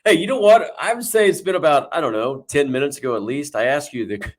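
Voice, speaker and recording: A man's voice: fairly high pitch, fast. A man co-hosting a casual podcast, teasing his partner, laughing often and pressing with questions. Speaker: podcast co-host.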